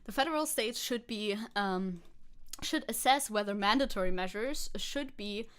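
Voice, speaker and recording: A woman's voice: medium pitch, normal speed, fairly bright tone, smooth. A woman streamer giving casual sarcastic commentary as she reads posts aloud, laughing often and rambling with restarts.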